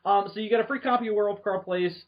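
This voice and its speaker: A man hosting a podcast in casual chat, joking, swearing freely and getting excited. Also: high voice, very fast, dull audio. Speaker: podcast host.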